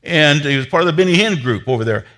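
Pastor, animated storyteller. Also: male voice, fast talker. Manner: animated storyteller, grows loud and high when excited, then drops to a low earnest tone. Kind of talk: sermon with personal storytelling.

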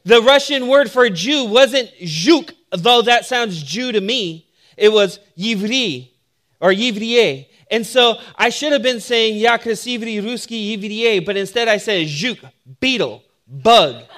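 A man's voice: very high-pitched, a little slow. A man, a pastor, preaching a sermon that opens with a humorous personal story and moves into teaching. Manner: humorous storytelling, animated when telling the joke.

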